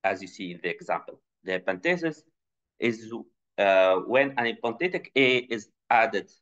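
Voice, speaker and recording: Hesitant low-voiced man giving a conference talk. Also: lively intonation, normal speed, a bit bright. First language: Tunisian Arabic. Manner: hesitant, many fillers and restarts. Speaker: conference presenter. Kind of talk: academic talk, explaining slides. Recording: muffled low-fidelity recording.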